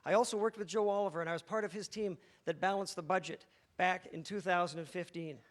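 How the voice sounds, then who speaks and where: A man giving a brisk, assertive opening statement at a political debate. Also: high voice, steady tone. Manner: brisk, assertive, talking-point delivery. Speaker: political candidate. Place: large theatre stage.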